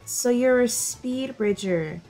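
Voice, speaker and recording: A young woman comments on her game in a slow, unhurried voice that sits a little high. She jokes with sarcasm, laughs often, and breaks into loud outbursts. Soft music plays behind her. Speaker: gamer. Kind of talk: casual gameplay commentary.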